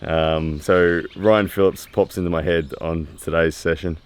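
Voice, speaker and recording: A man in his thirties talking candidly to camera after a training session, pausing often with fillers. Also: sits low, steady tone, clean tone. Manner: candid and reflective, with many pauses and fillers. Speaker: strength training vlogger. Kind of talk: casual post-workout vlog talk. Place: training area after a workout.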